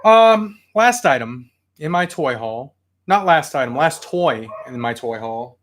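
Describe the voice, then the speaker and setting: A man casually showing off his new toy haul at home, chatty and excitable. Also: medium pitch, measured pace, noisy background. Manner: chatty, excitable, yells at his barking dog. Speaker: toy collector vlogger.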